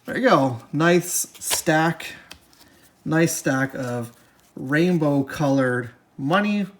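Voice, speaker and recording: A chatty person shows off a board game piece by piece in easygoing, upbeat commentary, with a medium-pitched voice. The talk stops and starts and keeps correcting itself, and cards shuffle in the background. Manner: chatty, halting, self-correcting; upbeat, easily delighted. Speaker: board game unboxing presenter. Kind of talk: casual unboxing commentary.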